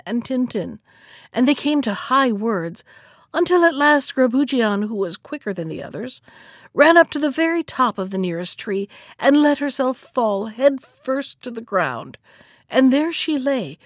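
A woman narrating a fairy tale in a calm, measured reading voice. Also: high voice, dry recording, studio quality. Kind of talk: scripted storybook narration.

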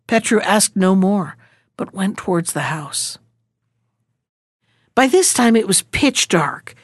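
A woman reading a fairy tale aloud as narrator, measured and expressive. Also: mid-range voice, no echo, studio quality. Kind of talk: storybook reading.

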